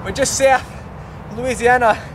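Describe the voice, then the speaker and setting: A man's voice: extremely high pitch, steady tone, moderate pace, noisy background. A young Australian man presenting outdoors in a swamp, out of breath and exuberant, talking in casual slang. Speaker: wildlife adventurer host. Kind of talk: excited on-location presenting.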